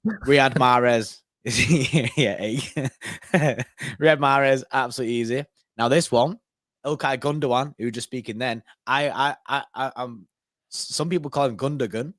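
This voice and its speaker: Young male co-host, casual and animated, dry close sound. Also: medium pitch, unhurried, dry recording. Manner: animated, laughs often, lively bursts. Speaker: co-host of fan live stream. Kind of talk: casual chat.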